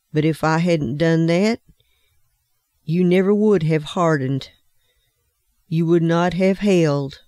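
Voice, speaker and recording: A woman voicing a calm, patient master potter who gently explains himself. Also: fairly low pitch, no room sound, clean studio sound.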